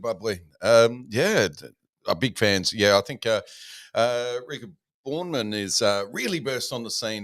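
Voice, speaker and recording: Joking co-host, low voice. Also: male voice, a bit bright, clean tone. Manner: joking, teasing banter. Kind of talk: live-stream chat.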